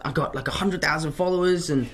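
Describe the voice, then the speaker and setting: A young man, an actor answering fan questions in a casual live chat, telling stories in an animated, self-mocking way. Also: a little high, quick pace, slightly rough.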